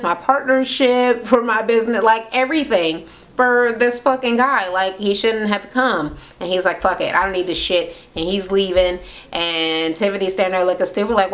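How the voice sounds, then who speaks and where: Recorded on a camera mic, a woman with a mid-range, slightly bright voice casually recaps a reality show. She swears freely and performs everyone's quotes in different voices.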